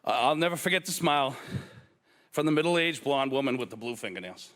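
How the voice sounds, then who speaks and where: A man's voice: mid-range voice, fairly quick. A man with a Boston accent telling funny stories at a memorial, acting out the other people's lines. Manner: animated anecdotes, acts out others' lines. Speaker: police officer sharing memories at a memorial. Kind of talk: humorous memorial storytelling.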